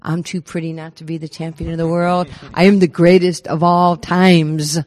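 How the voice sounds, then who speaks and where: A woman's voice: lowish voice, little pitch movement, normal speed, darkish tone, no room sound, clean studio sound, close to an everyday voice. A woman doing a bragging boxing champ. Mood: boastful. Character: boastful male heavyweight boxing champion.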